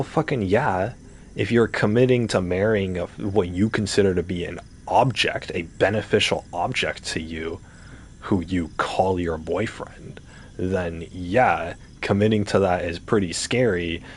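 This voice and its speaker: A man with a very low voice rants over his gameplay, firing off rhetorical questions and swearing as he goes. His talk is casual and animated, and a faint background hiss sits under it. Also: measured pace. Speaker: gaming streamer. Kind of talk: casual rant while gaming.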